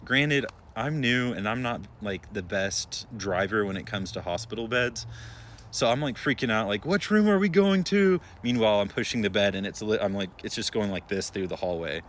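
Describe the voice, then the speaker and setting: A young man who works as an emergency room nurse tells a story in a relaxed, chatty way, with many filler words. His voice sits a little low. A faint hum is heard behind him. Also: moderate pace. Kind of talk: casual storytelling to followers.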